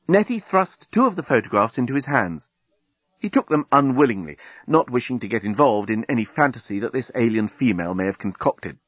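A man narrating a storybook with a lively, expressive reading. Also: mid-range voice, fairly quick, breathy edge, no room sound. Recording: dull lo-fi recording.

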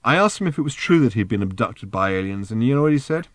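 A man voicing a confident adventurer who talks in a brisk, offhand way in an audiobook. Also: mid-range voice, expressive, no room sound, close to an everyday voice. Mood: breezy.

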